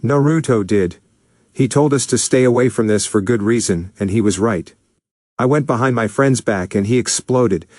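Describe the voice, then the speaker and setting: A man's voice: mid-range voice, normal speed, darkish tone, no room sound, studio quality, lightly acted. A man voicing a guilt-ridden young male tech friend, downcast and remorseful. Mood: guilty.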